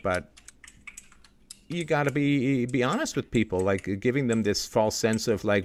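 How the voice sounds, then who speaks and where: A man hosting an online roundtable, talking in an animated, emphatic way in casual discussion. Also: mid-range voice, moderate pace. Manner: animated, emphatic, mimics other voices. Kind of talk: casual panel discussion, ranting.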